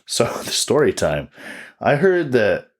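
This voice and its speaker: Animated young man telling a story. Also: medium pitch, slow. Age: 20s. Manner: animated, swears freely, acts out quotes. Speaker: podcast co-host and stand-up comedian. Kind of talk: casual storytelling chat.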